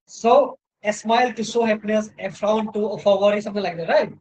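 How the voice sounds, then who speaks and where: A man's voice: high-pitched, fairly quick, darkish tone, rough recording. A male university lecturer with an Indian English accent, giving an online lecture into a laptop mic, rambling and checking in with "right?". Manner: rambling, repeats "you know" and "right?". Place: indoors at a laptop, video lecture. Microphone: laptop microphone.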